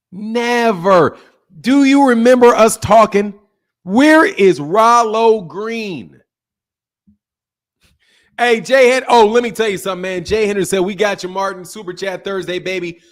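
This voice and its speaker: A man hosting a live boxing stream, trash-talking brashly, laughing often and swinging from loud outbursts to low mutters, with speech. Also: steady tone, fast talker, few pauses. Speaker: boxing channel host. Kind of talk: live stream commentary with viewer chat.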